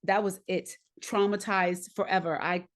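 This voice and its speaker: A middle-aged woman who grew up in the United States, telling personal stories in a candid, animated way and acting out the voices of people she quotes. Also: medium pitch, a little slow. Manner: animated, acts out voices and laughs often. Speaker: podcast guest, singer.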